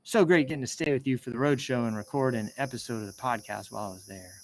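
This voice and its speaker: The speaker is a male host reading social media posts on a casual show, his commentary meandering, self-interrupting and full of excited asides. He talks fast in a mid-range voice, and the low-quality recording carries a little hiss or hum.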